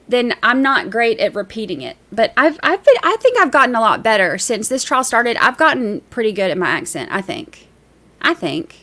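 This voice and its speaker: A woman's voice: medium pitch, pushed and bright. A woman hosting a casual livestream, reading viewer messages aloud and chatting in a rambling, easygoing way with easy laughs.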